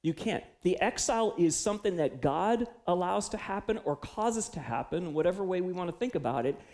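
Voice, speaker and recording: A man delivers a conversational church sermon, telling candid personal stories and acting out his own inner voice. His voice sits a little high and carries a gravelly, fry-tinged texture. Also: darkish tone. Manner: confessional, storytelling, acts out his own inner voice. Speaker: pastor. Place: church sanctuary.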